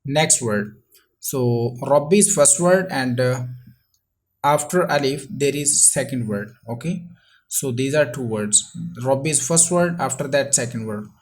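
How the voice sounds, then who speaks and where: Slow Pakistani man teaching Quran reading. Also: mid-range voice. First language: Urdu. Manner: drills letter by letter, stretching syllables, repeats rules. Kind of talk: slow spelled-out recitation lesson.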